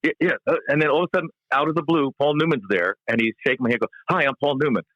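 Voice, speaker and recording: A man, a comedian and musician, telling a backstage anecdote in a podcast interview with laughs and halting restarts. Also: on the high side, no echo. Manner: animated storyteller, laughs often, halting restarts. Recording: dull, lo-fi, dry sound.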